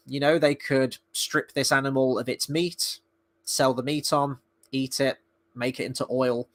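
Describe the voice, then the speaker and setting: A man's voice: medium pitch, a bit bright. A man giving a blunt, exasperated film review in casual, sweary talk.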